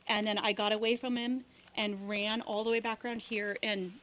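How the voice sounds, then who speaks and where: A shaken, upset woman gives a halting spoken statement to a police officer outdoors by a road, with many restarts. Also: mid-range voice, flat delivery, a bit bright, slight background noise, rough recording. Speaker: person reporting an assault to police.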